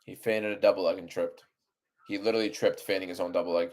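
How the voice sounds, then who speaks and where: A man's voice: sits low, steady tone, quick pace, a little mellow. A young man streaming a fight watchalong, ranting in exasperation over a dull card. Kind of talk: live stream commentary.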